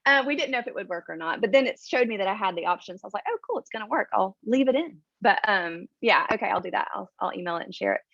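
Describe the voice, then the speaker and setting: A woman's voice: medium pitch, very fast, gravelly, few pauses, a bit bright, dry recording, highs cut off. A woman sharing her personal story on a video call in a casual, chatty way, with lots of "like" and "um.". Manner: chatty, full of "like" and "um".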